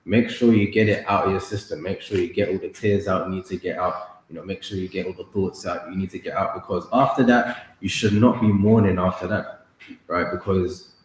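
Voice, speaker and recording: A man co-leading a casual Bible study, explaining steadily and reading scripture aloud at a measured pace. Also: deep voice, steady tone, slight background noise. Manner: measured, reads scripture slowly. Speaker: Bible study co-host and reader. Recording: echoey room.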